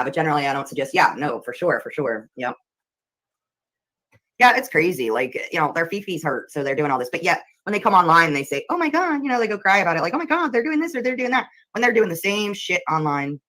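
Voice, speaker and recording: A woman talks casually on her livestream and greets viewers by name. Her voice sits low but sounds bright and forceful. She is chatty and quick to react. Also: poor audio. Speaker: livestream host.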